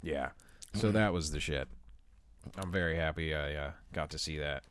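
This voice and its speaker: A man's voice: a bass voice, normal speed, fairly bright tone, clean tone. A young man co-hosting a podcast in loose, profane casual chat, laughing often. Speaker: podcast co-host.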